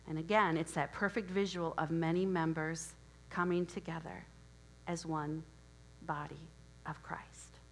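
A middle-aged woman preaching a sermon in a church, hoarse and losing her voice, earnest and encouraging, often clearing her throat. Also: sits low, a little hiss or hum, low-quality recording. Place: church sanctuary.

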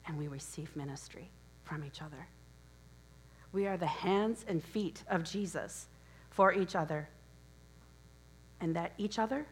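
Hoarse woman preaching in a church. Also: lowish voice, a little hiss or hum, rough recording. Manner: frequent throat clearing, earnest and encouraging. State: hoarse, losing her voice. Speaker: lay preacher at her church. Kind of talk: sermon. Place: church sanctuary.

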